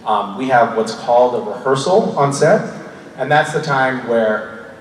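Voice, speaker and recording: A man's voice: mid-range voice, measured pace. Man rambling and laughing in an echoey hall. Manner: laughing, rambling, self-deprecating anecdotes. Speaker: convention panel guest. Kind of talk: casual Q&A storytelling. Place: large convention hall. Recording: echoey hall recorded from far off with noise.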